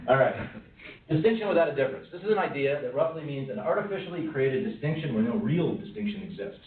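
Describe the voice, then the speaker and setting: A fast-talking man with an expressive, medium-pitched and slightly mellow voice presents a lunch-and-learn to a workplace audience. He asks plenty of questions and occasionally voices quotes, heard from a distance in a roomy recording with faint room noise.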